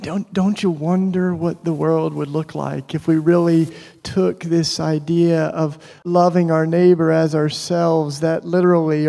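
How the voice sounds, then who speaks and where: A man giving a personal storytelling talk at a faith gathering, animated and acting out the voices in his stories. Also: a little high, creaky. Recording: long hall reverb.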